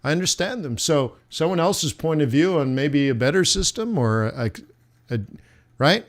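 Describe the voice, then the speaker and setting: A man's voice: a little high, lively intonation, moderate pace. A man hosting a trading livestream, rambling casually and joking at his own expense as he chats with viewers. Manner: rambling, self-mocking, chatty with viewers. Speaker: forex livestream host.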